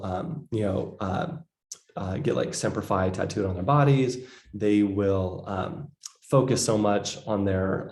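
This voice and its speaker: A man's voice: lowish voice, dark tone, reverberant. A man giving a casual psychology lecture, full of fillers, acting out quoted voices. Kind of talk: recorded lecture.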